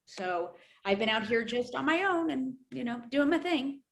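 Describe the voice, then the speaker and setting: Woman actress, bright and higher, playful, casual call chat. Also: moderate pace, gravelly. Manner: playful, animated, does silly voices. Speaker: guest, actress. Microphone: video call.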